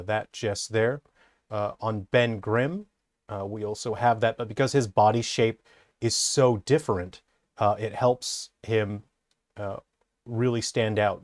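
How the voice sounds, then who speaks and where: Rambling with enthusiasm and plenty of hesitations, a character designer delivers a casual commentary breakdown. He speaks on the low side with a darkish tone, in a dry, clean studio recording.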